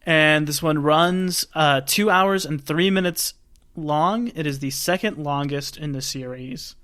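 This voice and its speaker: A man's voice: on the high side, unhurried, pushed and bright, smooth. A man hosting a podcast, running through film facts and figures in casual chat. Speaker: podcast host.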